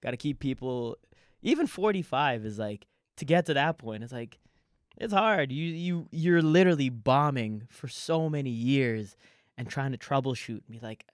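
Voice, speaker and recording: A man's voice: medium pitch, expressive, normal speed, no echo, studio quality. A man, a comedian and podcast guest, telling casual stories full of swearing and laughter, acting out both sides of conversations. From Canada. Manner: profane, laughing, acts out both sides of dialogue. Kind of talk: casual storytelling chat.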